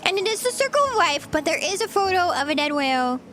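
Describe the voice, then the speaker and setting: A woman's voice: very high voice, sing-song, fast talker, a bit bright, soft background music. A woman VTuber streamer chatting casually with viewers while she eats, giggly and rambling. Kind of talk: casual livestream chat.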